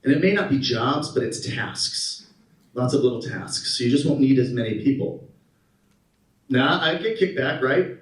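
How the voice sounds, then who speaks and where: A man in his thirties giving a conference keynote, an animated storyteller who asks the audience questions. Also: medium pitch, normal speed. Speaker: keynote speaker. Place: conference hall. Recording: roomy hall, mic at a distance.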